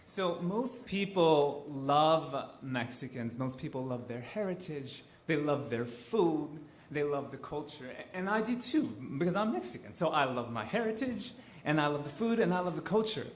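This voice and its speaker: Earnest male storyteller on stage, higher-pitched, roomy live room sound. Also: animated, moderate pace. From Los Angeles. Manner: earnest and conversational, with frequent repeated starts.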